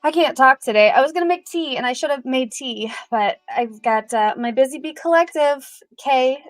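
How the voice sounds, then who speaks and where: A middle-aged woman hosting a casual livestream, upbeat and a little nervous, greeting viewers one by one in quick, chatty bursts. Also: high voice, no echo. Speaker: livestream host.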